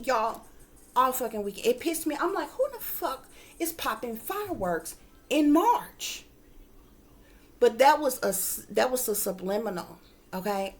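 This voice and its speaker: A woman working as a psychic reader, telling her viewers a story in casual, emphatic talk, often calling them "y'all" and swearing freely. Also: a little high.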